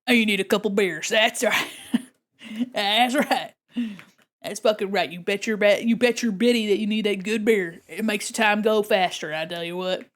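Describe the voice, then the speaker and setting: A woman's voice: medium pitch, normal speed, lightly acted. A woman voicing a boastful Southern fishing buff in a put-on Southern US accent, full of folksy catchphrases during a comedic stream bit.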